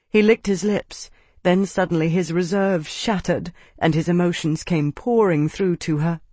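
A man reading an audiobook in a measured, even narrating voice. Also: fairly high pitch, no echo. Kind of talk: scripted narration.

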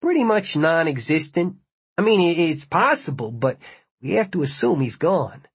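A man's voice: fairly high pitch, lively intonation, normal speed, husky, dry recording, voice pushed up. A man voicing a blunt, pragmatic adult man who speaks firmly.

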